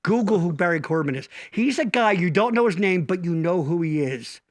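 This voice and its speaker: Animated high-voiced joking man. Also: fairly quick, no room sound. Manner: joking, rambling, crude. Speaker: live stream co-host. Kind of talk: casual live stream banter.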